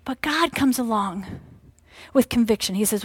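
A middle-aged woman preaching a sermon, animated, dropping to hushed whispers and rising to loud exclamations as she voices the devil and God. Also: fairly high pitch, normal speed, slightly rough, no room sound.

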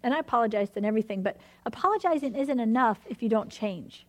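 A woman preaching a sermon, telling a personal story with animated, emphatic delivery. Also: on the high side, fast.

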